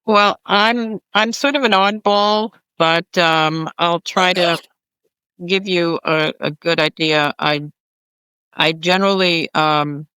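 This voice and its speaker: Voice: mid-range voice, fairly even intonation, takes it slowly, pushed and bright, clean tone, no room sound, poor audio. A doctor on a panel discussion, talking informally and explaining by listing examples.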